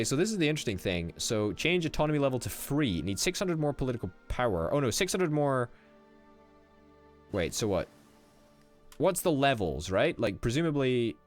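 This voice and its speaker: A young man casually commenting on a strategy game as he plays, excitable, swearing and thinking out loud. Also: mid-range voice. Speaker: gaming YouTuber.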